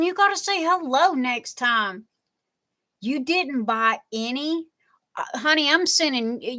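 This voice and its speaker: A woman with a high, sharp voice hosts a live crafting stream from home. She chats playfully with viewers, reads their comments casually, and laughs often.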